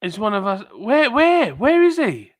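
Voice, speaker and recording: A man with a British accent chatting excitedly on a live stream, exclaiming and laughing often. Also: sits high, measured pace. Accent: British English. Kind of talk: casual live stream chat.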